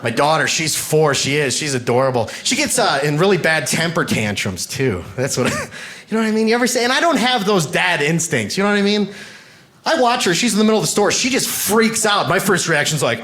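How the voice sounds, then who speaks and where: Animated self-mocking stand-up comic. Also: male voice, on the high side, a little fast. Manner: animated, self-mocking storytelling with bursts of shouted punchlines. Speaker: stand-up comedian. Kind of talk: stand-up comedy set. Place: comedy club stage with a live audience. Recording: noisy live club recording.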